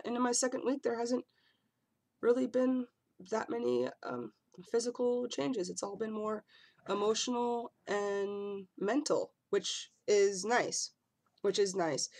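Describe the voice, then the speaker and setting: A man vlogging to camera in a casual, earnest way, often apologizing and circling back as he talks. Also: high voice. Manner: earnest and apologetic, rambling with restarts.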